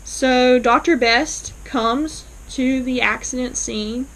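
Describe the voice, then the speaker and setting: A woman's voice: high voice, slow pace, fairly bright tone, poor audio. A woman recapping a TV episode in a casual, chatty way, full of fillers and quoted lines. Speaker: fan reviewer.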